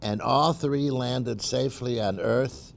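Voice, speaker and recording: Gravelly older man lecturing. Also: medium pitch, takes it slowly, a little hiss or hum. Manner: wry, reflective, with dry asides and filler "uh"s. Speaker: math professor giving a lunch talk. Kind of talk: informal lecture. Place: university seminar room.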